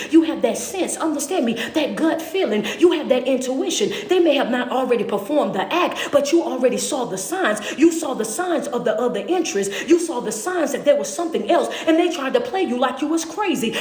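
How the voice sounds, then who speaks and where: Woman, motivational talk, high voice, echoey room, repetitive rhetorical questions. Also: a little mellow. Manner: preachy, repetitive, rhetorical questions, laughs often. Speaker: motivational speaker.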